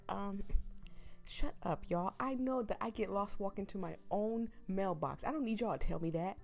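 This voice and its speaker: A woman's voice: medium pitch, moderate pace, gravelly, darkish tone, faint music behind. A woman playing a dating game, reading the story aloud and reacting in gushing, giggly asides. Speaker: let's play streamer.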